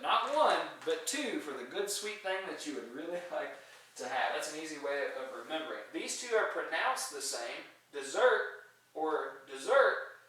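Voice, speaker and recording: A man's voice: on the high side, fairly bright tone. A man teaching a recorded grammar lesson, folksy and emphatic, often chuckling. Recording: very echoey room, distant mic.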